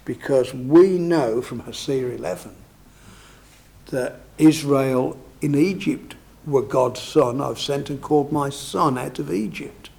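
A man's voice: medium pitch, slow, vocal fry, darkish tone. A man preaching a sermon, expounding scripture in a conversational way and often asking his listeners tag questions.

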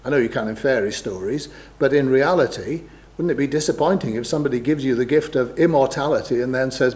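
Male preacher, middle-aged, mid-pitched, measured and emphatic, reads scripture aloud and explains it. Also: darkish tone. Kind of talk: Bible teaching talk.

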